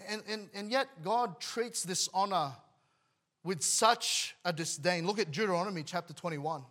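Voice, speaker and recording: A man's voice: high voice, moderate pace, pushed and bright. A man preaching a sermon to his congregation, emphatic, often restarting words and letting his voice drop at the end of phrases. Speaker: pastor.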